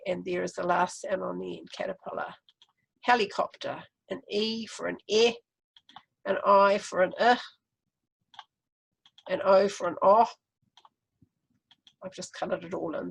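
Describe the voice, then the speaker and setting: A woman's voice: medium pitch, creaky, husky, rough recording. A woman with a New Zealand accent presenting a literacy webinar, explaining classroom activities step by step.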